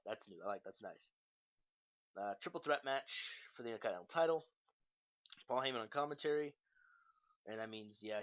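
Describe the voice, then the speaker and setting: A man's voice: on the low side, a bit bright. A young man casually recapping wrestling shows, loose and profane with lots of ums and uhs. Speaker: podcast host. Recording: dull lo-fi podcast mic.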